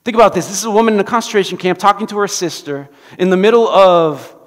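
A male pastor delivers a sermon in a church sanctuary, his high voice moving at a quick pace. He tells stories with animation and acts out the voices of the people in them. The long reverb of the church hall carries through the recording.

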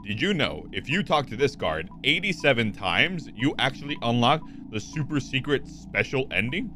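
Bright-voiced young man rambling and joking over a game, swoopy, faint game music. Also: mid-range voice, moderate pace. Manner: animated, swears casually, jokes. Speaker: streamer. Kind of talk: live gameplay commentary.

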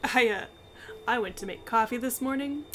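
A woman chats casually while streaming a video game, self-mocking and quick to laugh. Her voice sits a bit high. Game music plays clearly beneath her. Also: a bit bright. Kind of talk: casual gameplay commentary.

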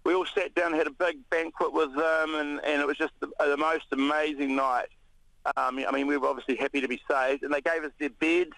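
A New Zealand man, a radio interview guest, recounting an ordeal in a halting way with many restarts. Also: a little high, creaky, no room sound, rough recording. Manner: halting, many restarts, animated when retelling shouts.

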